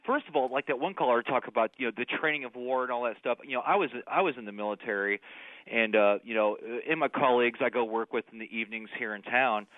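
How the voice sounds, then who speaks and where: A man phones in to a radio program and rambles, circling back with restarts and plenty of "you know." His voice sits at an ordinary pitch for a man. The line is thin and phone-like, with no room sound around it. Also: no echo. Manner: rambling, many fillers and restarts. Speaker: caller. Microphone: telephone. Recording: tinny phone line, dry.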